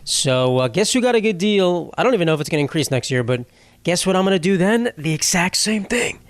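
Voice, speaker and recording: A man's voice: high voice, very animated, fast, smooth, dry recording. A young man hosting a casual solo podcast, rambling with crude jokes and silly voices for quoted people. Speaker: podcast host.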